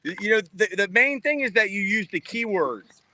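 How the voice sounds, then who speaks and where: A man's voice: high-pitched, animated, normal speed, sharp tone. A man chatting casually on a live stream in an encouraging, rambling manner. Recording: noisy background.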